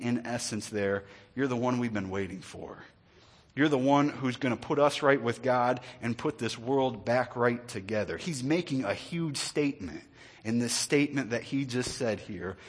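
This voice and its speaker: Male pastor, mid-pitched, chatty sermon delivery with asides. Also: fairly bright tone. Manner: conversational, joking asides, repeats words.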